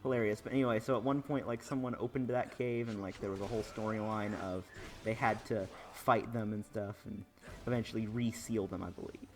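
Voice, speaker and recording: A man's voice: lowish voice, steady tone, fairly quick, soft background music. A young man casually commenting on a video game as he plays, rambling through lore with lots of fillers and restarts. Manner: rambling, filler-heavy storytelling. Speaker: gaming YouTuber. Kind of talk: casual let's play commentary.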